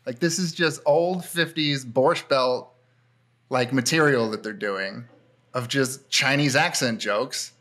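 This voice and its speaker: A man's voice: medium pitch, slow, fairly bright tone. A man, a comedian hosting a podcast, giving critical, filler-heavy commentary in casual chat.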